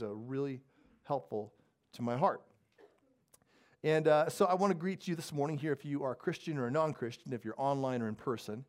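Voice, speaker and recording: A man leading a church service as pastor, praying and then preaching in a casual, self-deprecating, animated way. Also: mid-range voice. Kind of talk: sermon with opening prayer. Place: church sanctuary.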